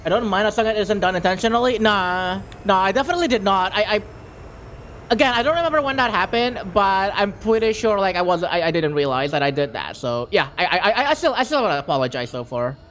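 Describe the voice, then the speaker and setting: A young adult streamer chatting casually with viewers, excitable, laughing often and stumbling over repeated words when flustered. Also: medium pitch, quick pace, slight background noise. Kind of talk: casual live-stream chat.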